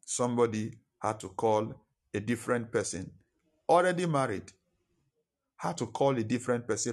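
Guy preaching a sermon, says things twice for emphasis, mid-pitched voice. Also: normal speed, long pauses, a little mellow. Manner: emphatic, repeats key phrases.

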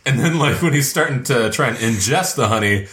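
A man's voice: mid-range voice, lively intonation, a little fast, background noise. A man chatting casually as a podcast co-host, cracking crude jokes and swearing freely. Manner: crude joking, swears, laughs often. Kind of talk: casual chat. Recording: roomy echoey room.

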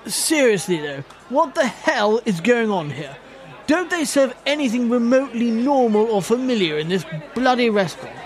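A man's voice: very high-pitched, very animated, moderate pace, some chatter behind. A man playing a clueless, bumbling diner who stammers and blusters. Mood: blustering.

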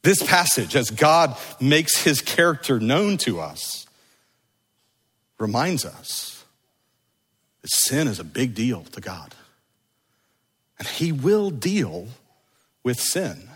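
Husky-voiced middle-aged preacher, slow delivery. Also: male voice, medium pitch, very animated. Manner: swings between urgent emphasis and hushed, slow repetition. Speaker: pastor. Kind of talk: sermon. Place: church sanctuary. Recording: long hall reverb.

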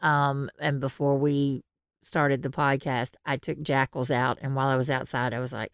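A woman with a low, smooth voice hosts a casual podcast chat. She reads fan posts aloud and laughs easily. The sound is close and dry, with no room echo. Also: level tone, moderate pace. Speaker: podcast host.

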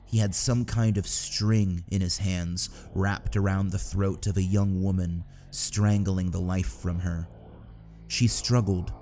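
A man narrating a dark story in a steady, subdued storytelling manner. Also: low voice, slight background noise. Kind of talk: scripted audiobook narration.

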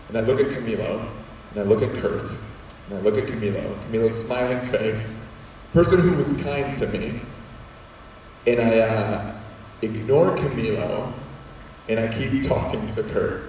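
A man telling a personal story to an audience of students, animated and quick to act out voices, with many restarts. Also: mid-range voice, slight background noise. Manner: animated, acts out voices, repeats words. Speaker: speaker addressing students. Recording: echoey hall from far off.

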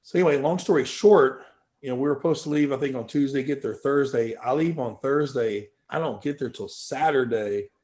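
A man telling stories as a powerlifting guest in a casual interview, animated and swearing freely. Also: mid-range voice, a little fast. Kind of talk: casual storytelling.

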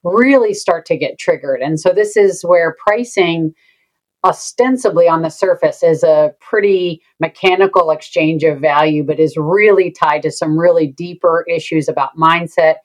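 A woman sales consultant answering interview questions in a thoughtful, unhurried way. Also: fairly low pitch, rough recording. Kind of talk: conversational interview.

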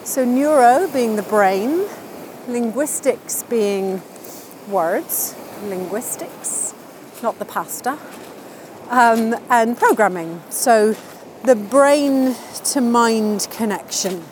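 Slow-speaking upbeat chatty woman. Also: a little high, animated, a little mellow, slight background noise, rough recording. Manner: upbeat and chatty, laughing at her own wordplay. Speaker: interviewee sharing wellbeing tips. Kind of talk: casual spoken answers to questions.

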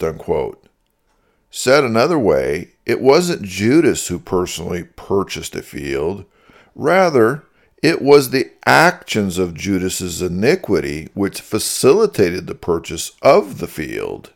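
A man reading a prepared Bible teaching in a measured, methodical way, marking each quotation aloud. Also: low-pitched, very animated. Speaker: Bible teacher answering critics. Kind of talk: scripted reading.

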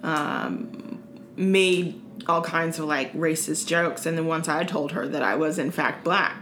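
A woman's voice: deep voice, a little slow, reverberant, slight background noise. A woman in casual chat, telling stories animatedly and acting out the people she quotes. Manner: animated storyteller, acts out quotes.

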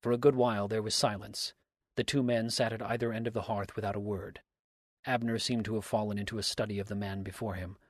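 A man narrating a story aloud in a measured, even way. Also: lowish voice, no room sound, clean studio sound. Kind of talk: audiobook narration.

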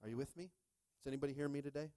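A middle-aged man preaching a sermon with lively energy, often checking in with the congregation. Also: mid-range voice, rapid-fire, no room sound. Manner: energetic, repeatedly asking "are you with me?". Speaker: pastor.

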